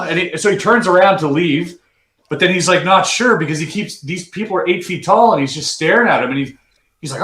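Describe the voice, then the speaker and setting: A man co-hosting a podcast who tells a story with animated energy and acts out the quotes. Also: a little fast. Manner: excitable, acts out quotes with big swings in pitch. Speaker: podcast co-host. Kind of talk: casual chat, animated storytelling. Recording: roomy echo.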